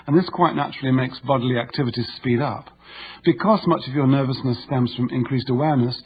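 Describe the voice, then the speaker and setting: A man narrating a nonfiction audiobook in a measured, instructive way. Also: mid-range voice, muffled recording, slight background noise.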